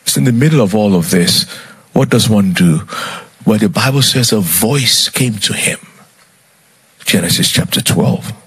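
Husky, animated male preacher. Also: on the low side, measured pace, pauses often. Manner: rhetorical questions to the congregation; storytelling, retells scripture dramatically. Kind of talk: sermon.

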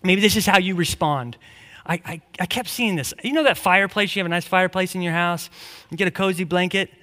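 A man preaching a sermon, earnest and conversational, often restarting his sentences. His voice sits high and sounds bright and forceful. It carries a long reverb, as if from a church hall. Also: brisk. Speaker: pastor.

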